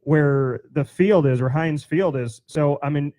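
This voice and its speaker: A man's voice: fairly high pitch, unhurried. A man hosting an interview show, chatting casually and telling long, rambling stories. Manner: chatty, animated storyteller, rambling. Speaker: show host.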